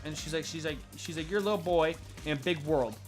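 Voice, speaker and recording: A man's voice: a little high, quick pace, faint music behind. A young man narrating a silly, profane made-up story over gameplay, acting out both sides of the dialogue. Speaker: gameplay commentator. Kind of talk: rambling improvised game narration.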